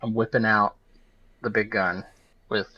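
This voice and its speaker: A man's voice: fairly low pitch, little pitch movement, measured pace, lo-fi sound. A man co-hosting a casual podcast, easygoing and rambling, amused by his own jokes. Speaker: podcast co-host. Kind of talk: casual chat.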